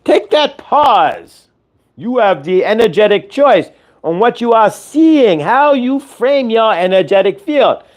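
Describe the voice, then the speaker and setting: Man, somewhat high voice, channeled spiritual teaching, speaks as "we", repetitive, instructive. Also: expressive, unhurried, darkish tone. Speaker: spiritual channel and show host.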